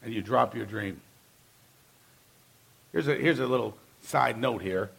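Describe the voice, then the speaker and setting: A man's voice: mid-range voice, measured pace, creaky, fairly bright tone, breathy edge. A man preaching a sermon as pastor, talking to the congregation in an emphatic, conversational way and driving points home with repeated phrases.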